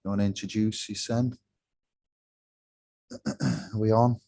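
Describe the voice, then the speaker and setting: A low-voiced man hosting a live stream chat. He banters loosely with his guests and keeps things jokey. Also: little pitch movement, slow pace, gravelly, warm tone. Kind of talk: casual chat.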